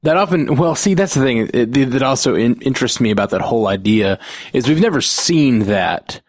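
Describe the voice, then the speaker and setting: Male podcast co-host, mid-pitched, dry close sound, thinks aloud with restarts. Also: animated, brisk, no echo. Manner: thoughtful, repeats words while searching. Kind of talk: casual chat.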